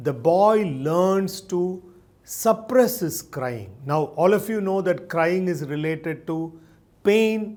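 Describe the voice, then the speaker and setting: A man, a doctor giving an explanatory talk in a measured way, telling stories about his patients. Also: sits high, a little mellow. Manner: measured, storytelling with acted quotes. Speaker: doctor speaking on emotions.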